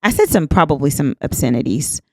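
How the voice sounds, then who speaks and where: A woman in her fifties hosts her podcast and tells a personal story with lively delivery, voicing both herself and the other person. Her voice sits a little low. The sound is dry and close, with no room echo. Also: brisk. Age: 50s. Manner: animated, acts out both sides of the exchange. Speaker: podcast host. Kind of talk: storytelling monologue.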